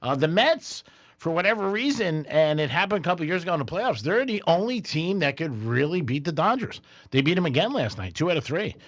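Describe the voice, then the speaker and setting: A man's voice: a little high, sing-song, brisk, a bit bright, no echo. A man hosting a sports radio show in casual, joking banter, laughing often on a studio microphone. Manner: joking, laughs often, talks about betting. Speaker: radio sports talk host.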